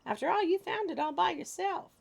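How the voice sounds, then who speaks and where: An eager young delivery boy in a storybook, as a woman reader plays him. His voice sits high and bounces around a lot, with a gravelly edge. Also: animated, fairly quick, exaggerated voice. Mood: modest. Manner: eager, shouting encouragement.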